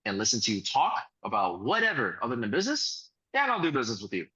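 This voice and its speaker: A man's voice: mid-range voice, wildly swooping pitch, quick pace, bright, forceful tone, breathy edge, poor audio. A man who works as a real estate closer, telling profane, swaggering stories on a casual group video call and acting out the people in them.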